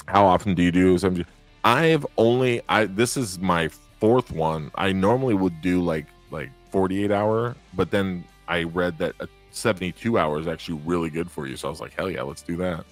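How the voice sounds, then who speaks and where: A man with a very low, deep voice hosts a loose live podcast, talking candidly and swearing now and then as he answers viewers. Faint guitar music plays quietly behind him. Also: moderate pace. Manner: rambling, candid, swears, talks straight to viewers. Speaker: podcast host reading live chat. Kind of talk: casual live-stream chat.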